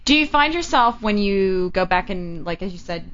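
A woman co-hosting a casual chat, chatty and playful, quick to tease and tell stories. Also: mid-range voice, animated, a bit bright. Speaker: co-host. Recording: dull lo-fi sound.

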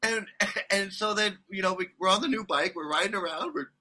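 A man's voice: high-pitched, a little fast, pushed and bright. A man telling a rambling travel story in casual chat, laughing often and restarting his sentences. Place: condo abroad.

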